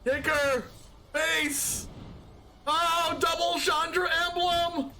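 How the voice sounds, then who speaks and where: A young man streaming a card game, excitable, yelping, laughing and shouting at his plays. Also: very high voice, very slow. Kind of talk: live gameplay commentary. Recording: faint music behind.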